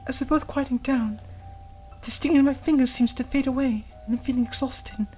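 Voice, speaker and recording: A woman voicing a gentle, devoted young woman in a visual novel, narrating softly in first person and comforting someone she loves. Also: high-pitched, steady tone, fairly quick, soft background music, lightly acted. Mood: tender. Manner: soft, tender, hushed delivery.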